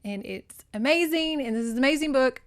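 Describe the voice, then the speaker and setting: A woman hosting a podcast, recapping a book on her phone in an animated, emotional way, swinging between loud and hushed and cursing freely. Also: high voice, brisk. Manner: laughs and curses freely. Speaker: podcast host. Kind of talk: casual book recap monologue.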